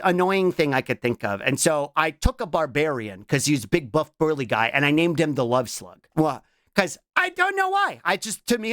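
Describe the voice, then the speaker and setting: A young man with a voice on the high side and a bit bright streams casually as a VTuber in live-stream chat. He rambles with restarts and giggles, repeatedly blurting out "What?" as a tic. The recording is dry with clean studio sound.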